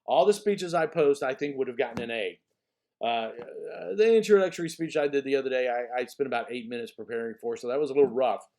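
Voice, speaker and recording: Here a man with a mid-range, darkish voice delivers a recorded lecture for a college speech course. His method is one step at a time, with repetition, frequent "okay?" check-ins, and a slower pace to stress key phrases.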